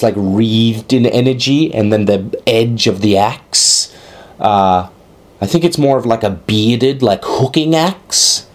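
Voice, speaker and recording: Man, low-pitched and unhurried, improvising a tabletop game scene, halting and full of fillers. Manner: hesitant, thinking aloud with many fillers.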